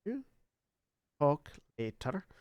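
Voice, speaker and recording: A man narrating a tabletop game as game master, in a loose, halting way that breaks into laughs now and then. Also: on the high side, very animated, clear, resonant tone, no room sound, muffled recording.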